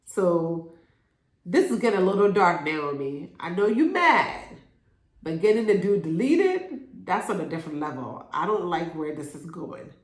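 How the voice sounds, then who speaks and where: A woman talks through a TV episode in a casual recap. Her pitch rises and falls a great deal as she tells it, and she sounds as if she is in a room with noticeable echo. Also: unhurried. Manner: animated, acts out characters' lines in quotes. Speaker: YouTube show reviewer.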